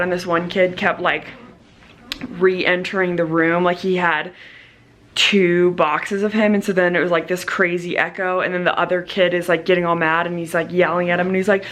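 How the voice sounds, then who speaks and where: A woman's voice: lowish voice, little pitch movement, a little fast, fairly bright tone. A young woman vlogging casually, rambling about her day with lots of fillers. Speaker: vlogger and teacher. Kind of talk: casual vlog chat.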